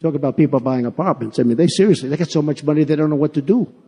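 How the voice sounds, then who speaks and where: A man's voice: a little high, very fast, mellow, husky. A man giving a campaign rally speech. He talks off the cuff, repeats himself and boasts. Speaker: political candidate. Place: large rally venue. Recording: long arena reverb.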